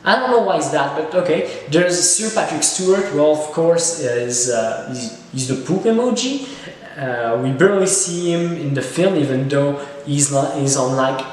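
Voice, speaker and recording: A man's voice: a little high, a little hiss or hum. A man giving a casual, rambling, sarcastic film review with many fillers and hesitations. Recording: echoey room with long reverb.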